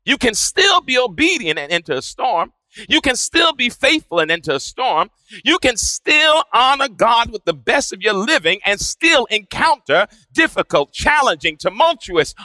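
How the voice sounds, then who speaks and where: A man preaching a sermon with dramatic swings between shouting and hushed, quiet passages. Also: extremely high pitch, big pitch swings, unhurried, no echo, low-quality recording.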